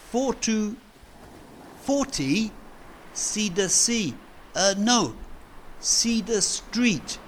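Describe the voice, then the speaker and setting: A lost and sad young foreigner in a storybook, struggling through broken English and stopping to correct himself, as a man puts him on. The voice sits well above the reader's own, and it is slow and careful. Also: high voice, fairly bright tone, slight background noise, pitched above the performer's own voice, heavily acted. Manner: slow, halting speech with self-corrections.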